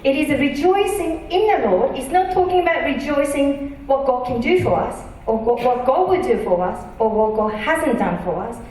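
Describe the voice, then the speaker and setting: A woman's voice: high-pitched, lively intonation, darkish tone, slight background noise. Woman preaching in an echoey church. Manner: earnest, emphatic, reads scripture slowly. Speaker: pastor. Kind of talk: sermon. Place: church auditorium. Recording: echoey church hall from a distance.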